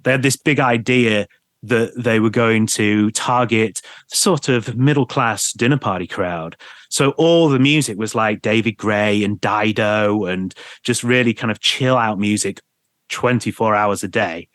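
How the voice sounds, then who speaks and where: A man, a radio presenter telling lively anecdotes in an interview, laughing often and mimicking people he knew. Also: on the low side, a little slow, no echo, studio quality. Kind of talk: storytelling interview chat.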